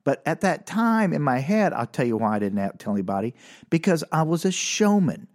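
Lively older man telling a funny story. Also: on the high side, fairly quick. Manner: animated, making sound effects, self-mocking. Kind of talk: comedic personal storytelling.

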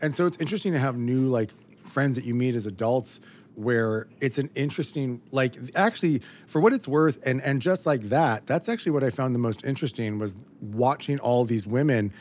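A man in his thirties co-hosting a podcast in casual chat, swearing often and rambling with animated energy. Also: mid-range voice, a little fast, a little hiss or hum. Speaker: podcast co-host.

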